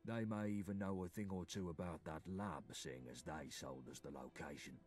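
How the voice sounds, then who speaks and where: An actor playing a gruff, streetwise male wasteland survivor in a video game. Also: low-pitched, normal speed, darkish tone, faint music behind, natural voice. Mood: wry.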